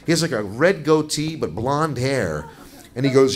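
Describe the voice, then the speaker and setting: A man's voice: medium pitch, very animated, normal speed. A man doing a crude, self-mocking stand-up comedy routine, telling a story to a laughing audience. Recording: noisy live comedy recording.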